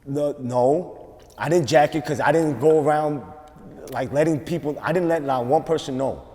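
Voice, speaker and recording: Halting New York podcast host. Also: male voice, a little high, mellow, big-room sound. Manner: halting, hesitant explaining with many restarts. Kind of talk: casual podcast interview.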